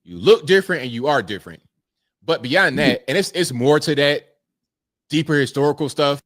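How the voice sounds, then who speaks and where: A man's voice: a little high, animated, normal speed, no room sound, clean studio sound. A man hosting a casual livestream, thanking viewers one by one and answering their comments in a laid-back way. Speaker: livestream host reading super chats.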